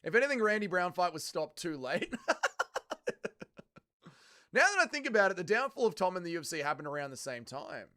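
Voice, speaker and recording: A man's voice: high-pitched, sing-song, brisk, long pauses, sharp tone. A man with an Australian accent hosting a livestream, swearing and bantering as he mocks his chat. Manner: profane, bantering, mocking. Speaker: livestream host. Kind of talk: casual livestream chat, reading viewer comments.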